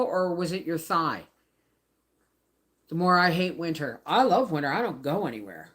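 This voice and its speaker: A woman's voice: low-pitched, expressive, normal speed, long pauses, a bit bright. A woman in her fifties from Canada, chatting casually on a home live stream, rambling and answering viewers' comments. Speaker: homestead vlogger hosting a livestream. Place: home, by the laundry baskets.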